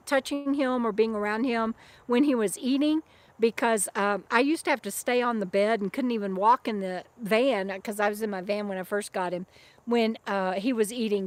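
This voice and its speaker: A middle-aged woman vlogging from her van campsite, chatting loosely with viewers, often restarting her sentences and breaking off to fuss over her dog. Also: fairly high pitch. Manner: rambling and chatty, with many restarts and fond asides to her dog. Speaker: vlogger and author living in a van. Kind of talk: casual livestream chat reading viewer comments.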